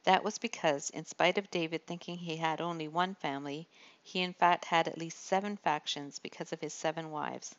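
Woman reading a novel aloud, low voice, steady and measured, kinda dull lo-fi sound. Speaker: audiobook narrator. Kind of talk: scripted narration of a historical novel.

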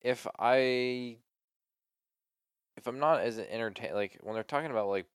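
A man's voice: mid-range voice, measured pace, smooth, no room sound, clean studio sound. A young man co-hosting a casual chat, talking loosely with lots of fillers and swearing. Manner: loose, swears often, trailing filler words. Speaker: podcast co-host.

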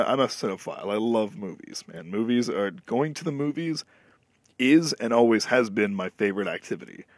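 A young adult man hosting a podcast, telling a long, profane, animated story in casual chat. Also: lowish voice, dry recording. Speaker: podcast host.

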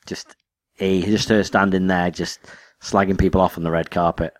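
A man with a lowish voice co-hosts a casual podcast, bantering in a dry, wry way. The recording is dry and close, with no room echo. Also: little pitch movement, moderate pace. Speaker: podcast co-host. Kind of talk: casual chat.

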